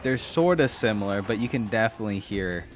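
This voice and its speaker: A man's voice: on the low side, lively intonation, brisk, soft background music. A man streaming a game, chatting casually, reading on-screen text aloud and musing as he plays. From United States. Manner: muses aloud, reads game text and trails off. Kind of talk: casual gameplay commentary.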